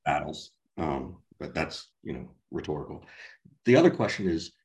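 Deep-voiced man cracking wry remarks. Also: very animated, moderate pace, a little mellow. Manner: joking, wry asides. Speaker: podcast co-host. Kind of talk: casual podcast conversation.

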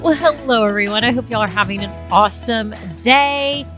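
A woman's voice: a little high, moderate pace, a bit bright, faint music behind. A middle-aged woman hosting a solo podcast, upbeat and gushing in a chatty monologue. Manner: upbeat, gushing, conversational, says y'all. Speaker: podcast host.

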